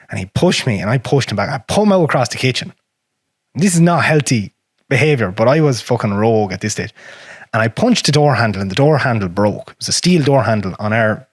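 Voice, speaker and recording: An Irish man hosting a podcast, talking frankly and with plenty of swearing, his voice sinking low and quiet on hard memories. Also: no echo, clean studio sound. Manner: frank and profane, drops to a near whisper on painful memories. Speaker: podcast host. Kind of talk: casual conversation.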